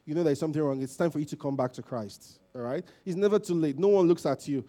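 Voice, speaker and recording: A man preaches in a relaxed, informal sermon, talking to the congregation as if chatting with them. His voice sits somewhat high yet sounds mellow and warm. He keeps checking in with the listeners, swelling for emphasis and then dropping away quietly. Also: fast talker. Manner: informal, peppered with "you know" and "okay?" checks to the congregation; animated, rising loud at emphasis and trailing low. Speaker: lay preacher. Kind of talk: conversational sermon.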